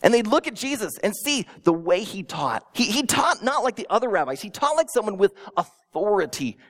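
A pastor preaching a sermon, telling it with animated storytelling and acting out imagined listeners, with small stammers. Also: medium pitch, fairly quick. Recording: long reverb in a large hall.

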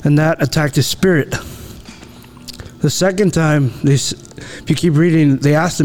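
A man's voice: on the high side, steady tone, normal speed, long pauses, a little mellow. A man co-hosting a casual faith discussion, retelling a Bible story and acting out the quoted lines, with frequent "you know".

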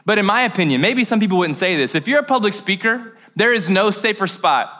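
A man's voice: sits high, animated, brisk, sharp tone. A man from Kentucky preaching a casual, joking sermon in church, with slangy asides. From Mayfield, Kentucky, USA. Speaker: pastor. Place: church service. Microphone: handheld or headset mic.

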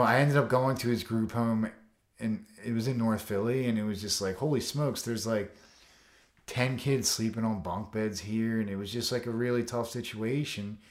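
Brief: male guest, coach, mid-pitch, spins rambling anecdotes with loads of fillers and acts out the quotes, echoey room. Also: a bit bright. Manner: loose and rambling, full of "you know" and "like", acts out quotes. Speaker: coach and foster dad, interview guest. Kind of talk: casual storytelling in a podcast interview. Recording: roomy echo.

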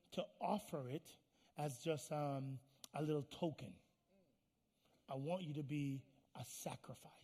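A man preaching a sermon as pastor, pleading and repeating phrases, swinging from hushed tones to loud, fiery declarations. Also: on the high side. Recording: long hall reverb.

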